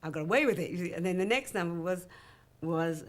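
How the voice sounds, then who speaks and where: Welsh woman telling stories, slightly low voice. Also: fast. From Wales. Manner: animated, acts out remembered dialogue, many "you know"s. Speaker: singer interviewed about her career. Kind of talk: reflective interview storytelling.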